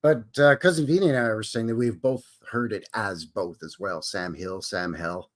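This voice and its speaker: A man's voice: on the low side, moderate pace. A man with a Canadian accent hosting a live stream, greeting his chat in a jokey, folksy way. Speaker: livestream host.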